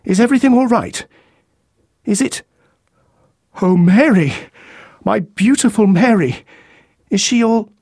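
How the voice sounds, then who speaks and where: A man's voice: on the high side, big pitch swings, unhurried, a little mellow, slightly rough, dry recording, clean studio sound, voice pushed up, heavily acted. A man voicing a distraught husband who pleads frantically in an audiobook mystery. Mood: grief-stricken. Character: distraught grieving husband, middle-aged man. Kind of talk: audiobook character voice.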